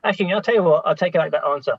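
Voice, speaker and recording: A young man from the UK, a podcast guest telling travel stories with wry humor in a relaxed way. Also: sits high, rapid-fire, breathy edge, no echo, dull audio. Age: young adult. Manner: relaxed storyteller, wry jokes. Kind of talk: casual chat.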